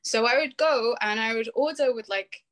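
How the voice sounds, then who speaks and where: A woman's voice: a little high, normal speed, a bit bright. Chatty British woman. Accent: British English. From United Kingdom. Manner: chatty, laughs often, many fillers. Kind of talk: casual chat on a video call.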